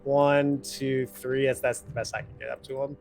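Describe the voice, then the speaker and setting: A man's voice: medium pitch, little pitch movement, normal speed, creaky, darkish tone, faint music behind. A man playing a spellcaster in a tabletop game, playful and describing his spells in detail. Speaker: player.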